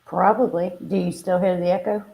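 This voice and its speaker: A woman on a video call, calmly offering suggestions during an audio check. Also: on the low side, a little fast, gravelly, muffled recording, slight background noise. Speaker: team member on a video call. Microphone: computer mic on a video call.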